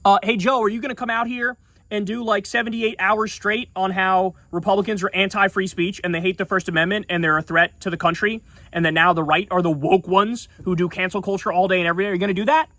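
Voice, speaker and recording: A man's voice: high voice, steady tone, fast, bright, forceful tone, no room sound. A man giving heated, sarcastic and profane political commentary in a video.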